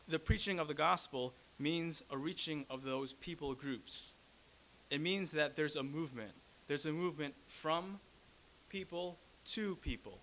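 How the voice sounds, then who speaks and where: A man's voice: on the high side, pushed and bright, a little hiss or hum, low-quality recording. A man preaching a sermon, teaching earnestly, repeating key phrases and correcting himself mid-sentence.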